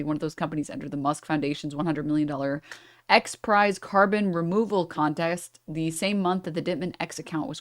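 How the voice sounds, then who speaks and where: A woman streamer reading a news article aloud and breaking off with sarcastic asides and apologies for her misreadings. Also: low-pitched.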